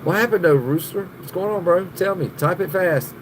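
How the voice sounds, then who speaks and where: A man's voice: sits high, takes it slowly, long pauses, slight background noise. Profane man rambling on a live stream. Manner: rambling, profane, laughing often, greeting viewers. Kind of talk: casual live stream chat.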